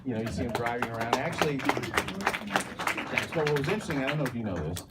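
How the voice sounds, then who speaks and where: A man's voice: mid-range voice, fairly quick, loud music behind the voice, a loud crowd. Laughing man telling animation stories. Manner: lively storytelling, laughing as he talks. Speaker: animator on a panel. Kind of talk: panel reminiscence. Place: panel talk before an audience. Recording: distant mic with clear background noise.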